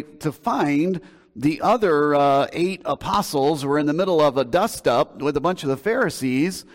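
A male pastor delivering a sermon, retelling a scripture story with emphasis in a conversational preaching manner. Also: a little high. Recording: long hall reverb.

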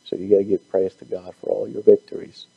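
A man leading a Bible class and closing it with a prayer. He is losing his voice and talks in a halting way, often stumbling over his words. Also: low-pitched, little pitch movement, creaky, breathy edge, highs cut off.

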